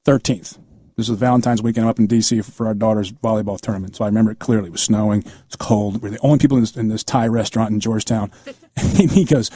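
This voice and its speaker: Man, 50s, radio host, chatty storyteller, husky, dry studio sound. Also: lowish voice, steady tone, quick pace, dark tone, dry recording. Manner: conversational storyteller, acts out quoted dialogue. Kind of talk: casual political talk radio.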